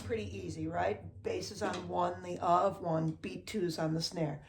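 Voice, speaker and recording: A woman's voice: lowish voice, moderate pace, vocal fry, loud music behind the voice. A woman giving a casual drum lesson, counting beats aloud and often checking with "okay?". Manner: relaxed, often adds "okay?". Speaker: drum teacher. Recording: drums playing behind the voice.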